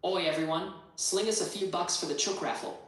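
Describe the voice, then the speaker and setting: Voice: mid-range voice, fairly quick, fairly bright tone. An AI voice assistant with an Australian accent, chatting in upbeat, slang-filled talk and leading a guided meditation. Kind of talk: casual chat and guided meditation. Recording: roomy playback heard from a distance.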